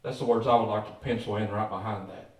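A man's voice: lowish voice, fairly even intonation, fast talker. A man preaching a sermon as pastor, telling folksy stories and calling out to his congregation. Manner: folksy storytelling with emphatic calls to the congregation. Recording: echoey church hall, distant mic.

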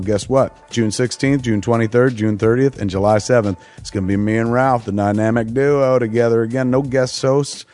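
A man's voice: on the low side, darkish tone. A middle-aged man casually reading promo spots for his own shows, loose, crude and joking. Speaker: podcast host reading promos.

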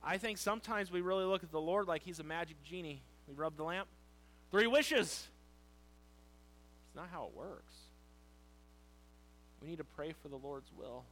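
Male pastor, middle-aged, animated sermon delivery, slightly high voice, faint hum. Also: poor audio. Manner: animated preaching, leaning on key words and slowing on scripture.

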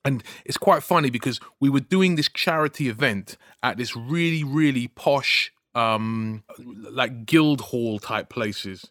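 A man co-hosting a podcast, telling a story in a casual, animated way. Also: medium pitch, measured pace, no echo, studio quality. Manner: animated storyteller, frequent "you know what I mean". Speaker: podcast co-host.

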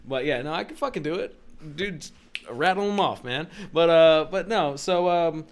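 A young man co-hosting a podcast, telling profane stories in casual chat and shouting out the lines he quotes. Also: fairly high pitch, moderate pace, clear, resonant tone. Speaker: podcast co-host.

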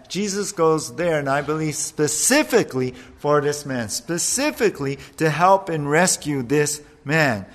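Animated male preacher with hall reverb. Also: a little high, unhurried, few pauses. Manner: animated, acts out voices in his retelling. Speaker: pastor. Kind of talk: sermon.

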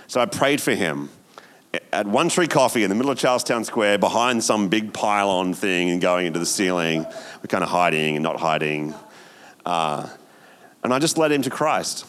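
A man, preaching as a pastor, telling a story in a hushed voice that builds to emphatic exhortation. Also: sits low, animated, moderate pace. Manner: storytelling, hushed at times, then rising and emphatic. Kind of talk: sermon.

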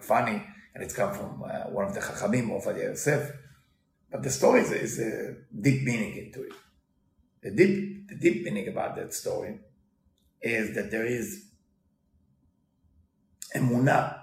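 A man's voice: on the low side, animated, normal speed, gravelly, long pauses. A man giving a storytelling Torah lesson in broken English, mixing in Hebrew quotes. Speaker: Torah teacher. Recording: roomy echo.

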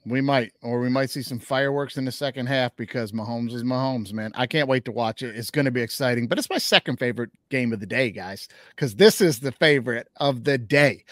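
A man's voice: medium pitch, brisk, hardly any pauses, fairly bright tone, no room sound, clean studio sound. Hyped-up male sports podcast host. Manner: hyped, trash-talking Detroit Lions fan. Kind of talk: casual sports betting chat.

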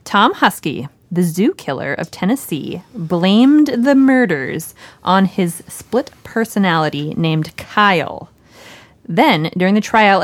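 A woman co-hosting a comedy podcast, running a quiz game and telling stories in a deadpan way. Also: lowish voice, no echo. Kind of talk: casual comedic chat.

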